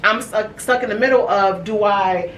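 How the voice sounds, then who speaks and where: A woman's voice: medium pitch, normal speed, fairly bright tone, dull audio. A woman hosting a podcast, telling a personal story in casual chat, full of fillers and acted-out quotes. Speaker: podcast host. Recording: echoey room, mic far off, faint noise.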